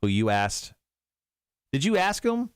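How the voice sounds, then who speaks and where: A man's voice: unhurried, clean tone, dry recording, studio quality. A man hosting a morning radio show, joking and teasing his co-hosts in casual banter. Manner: teasing, joking, lively pitch swings. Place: radio studio.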